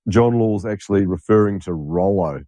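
A man's voice: fairly low pitch, moderate pace, dark tone, no echo. Brief: Australian male co-host, casual, coarse, dry close recording. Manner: loose, swearing, many restarts. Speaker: podcast co-host. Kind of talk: casual chat.

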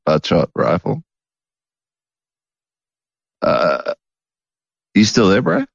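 A laid-back man hosts a casual late-night chat from home, rambling and chuckling. His voice is extremely deep, gravelly and husky, with a slow unhurried drawl. The recording is dry and a little dull. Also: sing-song, no room sound. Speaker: podcast host.

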